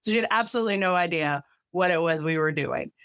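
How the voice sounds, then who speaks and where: A woman's voice: fairly low pitch, quick pace, a bit bright, clean tone, dry recording. A woman co-hosting a podcast in casual chat, telling long rambling stories, peppered with "like" and casual swearing. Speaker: podcast co-host.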